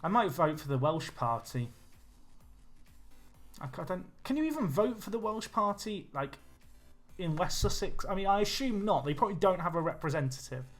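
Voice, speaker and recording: Excitable young Englishman streaming a game, fairly high voice, faint music in the background. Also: normal speed. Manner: chatty, excitable, talks to chat. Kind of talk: live game commentary and chat.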